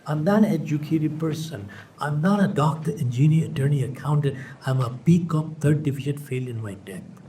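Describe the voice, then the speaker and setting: A man's voice: fairly high pitch, normal speed. An older man delivers a motivational keynote, calling out to the crowd and acting out the people in his stories. His voice is heard from a distance, with a faint hum of a large hall behind it. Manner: animated, addresses audience as folks, acts out quoted people. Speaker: motivational speaker. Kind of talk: keynote speech with storytelling. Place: large auditorium with audience.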